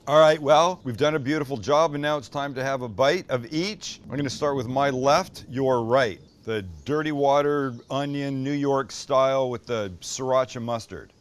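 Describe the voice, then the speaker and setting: A man's voice: medium pitch, moderate pace, hardly any pauses, smooth. Enthusiastic man hosting a cooking show. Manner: enthusiastic, jokey, talks to the viewer. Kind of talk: casual cooking demonstration.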